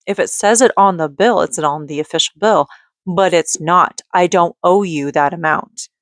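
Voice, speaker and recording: Low-voiced woman ranting in a vlog. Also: moderate pace, dry recording. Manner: frustrated, rambling, talks in bursts with many fillers. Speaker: vlogger; mother and call center worker.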